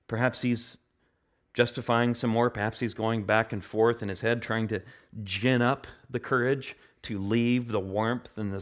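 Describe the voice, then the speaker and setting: A male pastor preaching a sermon in an earnest way, often repeating and restarting his phrases and growing impassioned at his high points. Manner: turns impassioned and louder at climaxes.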